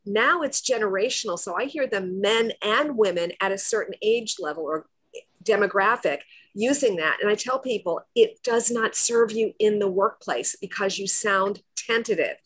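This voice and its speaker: A woman speaking as a presentation coach, a guest on a video-call talk show, explaining in a confident, animated way. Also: mid-range voice, normal speed, breathy edge.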